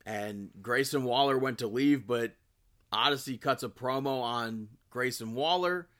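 A man co-hosting a casual podcast, making picks in a relaxed way and laughing at his own jokes. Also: mid-range voice, measured pace. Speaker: podcast co-host. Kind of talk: casual wrestling podcast chat.

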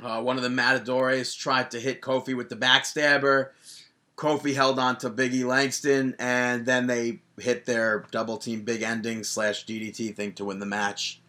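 A man's voice: medium pitch, little pitch movement, moderate pace, sharp tone. A man hosting a podcast in casual chat, jokey and often breaking off to restart his sentences. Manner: jokey, self-interrupting. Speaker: podcast host.

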